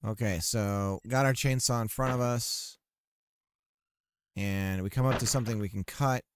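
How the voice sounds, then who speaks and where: A man's voice: fairly low pitch, measured pace, background noise. A man developing a game on a live stream, thinking aloud and chatting casually with his viewers, often trailing off mid-sentence. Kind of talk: casual live-stream commentary while coding.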